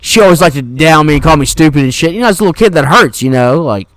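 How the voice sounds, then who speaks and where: Animated, profane young man storytelling. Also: fairly high pitch, quick pace, no echo, poor audio. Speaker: podcast co-host. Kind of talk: casual podcast storytelling.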